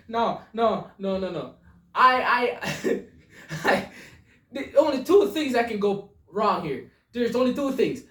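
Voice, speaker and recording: A woman podcast host comments crudely on jokes, stammering and laughing, in an echoey room far from the mic. Her voice is fairly high with a fairly bright tone.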